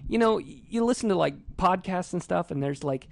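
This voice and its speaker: A Midwestern man hosting a podcast, his voice gravelly and swinging up and down in pitch as he jokes and laughs at himself. He sounds close and dry on a studio mic in a small room. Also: fairly quick, dry recording. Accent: Midwestern American. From small town in Indiana, US Midwest. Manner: laughs often, self-mocking, lively joking banter. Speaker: podcast host. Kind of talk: casual podcast chat. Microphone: studio mic on a spring arm.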